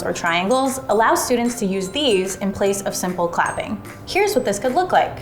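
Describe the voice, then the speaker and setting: A woman walks through a classroom lesson in a clear, methodical teaching voice of middle pitch. Her voice rings a little in an echoey room. Faint music plays behind her. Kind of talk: instructional lesson narration.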